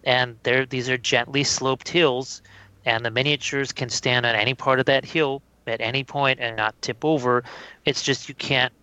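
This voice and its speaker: Bright, dry-sounding man in casual chat. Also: mid-range voice, normal speed, smooth, dry recording, rough recording. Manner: relaxed, practical storytelling about building things. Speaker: podcast co-host.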